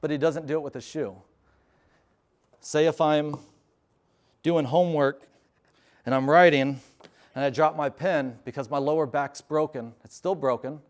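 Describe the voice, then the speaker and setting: A man's voice: a little high, fairly even intonation, unhurried, pauses often. Earnest veteran man teaching a class. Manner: earnest, emphatic, gives firm dog commands. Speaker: veteran speaker with service dog. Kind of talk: live class talk and demonstration. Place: university classroom.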